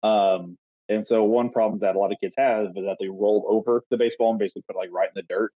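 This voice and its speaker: A man's voice: on the low side, fairly even intonation, quick pace, slightly rough, no echo. Man, podcast co-host, baseball coach, rambling, restarts, slightly muffled lo-fi audio. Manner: rambling storyteller with many restarts. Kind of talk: casual chat.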